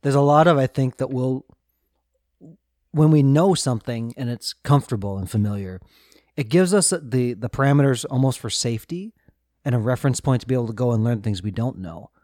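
A man co-hosting a podcast in casual chat, reflective and quick to laugh, drawing out his partner with questions. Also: medium pitch, dark tone, no echo, studio quality. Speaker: podcast co-host.

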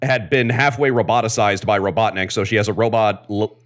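A man with a fairly low voice talks casually on a podcast. He rambles through his explanations with enthusiasm and plenty of asides. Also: steady tone, a little fast. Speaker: podcast guest, comics expert.

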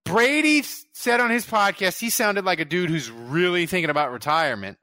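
Lively bright-voiced man, bantering. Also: high-pitched, fairly quick, no room sound. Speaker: podcast co-host. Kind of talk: casual sports chat.

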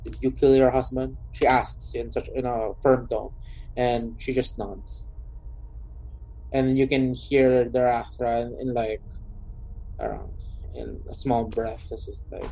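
Mellow-voiced man running a tabletop game. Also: medium pitch, fairly even intonation, a little slow. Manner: hesitant, many ums. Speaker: game master. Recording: dull lo-fi sound with faint music.

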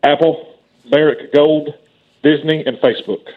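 A man calling in to a finance show, polite and deferential, a bit halting. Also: on the high side, steady tone, phone-quality sound. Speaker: caller.

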